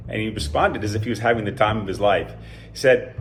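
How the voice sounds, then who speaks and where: A man's voice: lowish voice, fast, soft background music. A man in his sixties reading a scripted personal story in a dry, self-deprecating way. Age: 60s. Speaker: alumnus telling a personal story.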